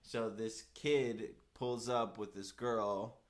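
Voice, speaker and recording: Speaking slowly with a voice on the low side, a young male podcast co-host relates a story in relaxed chat. He animatedly impersonates those he quotes, and "like" is his go-to filler.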